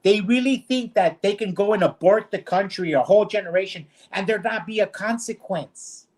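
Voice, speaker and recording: A man's voice: sits high, normal speed. Blunt, indignant man ranting. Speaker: co-host. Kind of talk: heated casual discussion.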